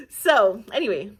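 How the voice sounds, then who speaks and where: Young woman from nigeria vlogging, chatty and lively, laughs a lot. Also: medium pitch, breathy edge. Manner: animated, laughing often, acting out quoted voices. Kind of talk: casual storytelling.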